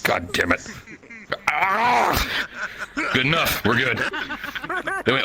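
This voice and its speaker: A man in his thirties telling a profane, animated stand-up story on a comedy show stage, jumping into different voices for the people he quotes. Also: medium pitch, takes it slowly, gravelly, pauses often, a loud crowd.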